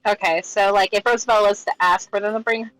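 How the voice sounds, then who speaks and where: A woman's voice: medium pitch, fairly even intonation, fast, a bit bright, low-quality recording. A woman playing a tabletop role-playing game, chatty and hedging with fillers. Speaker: player.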